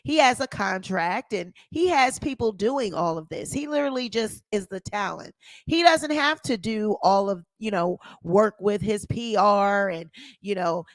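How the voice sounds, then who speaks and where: A woman's voice: mid-range voice, animated, unhurried, dry recording. A woman hosting a casual livestream commentary, talking sassy and profane straight to her audience. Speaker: commentary show host.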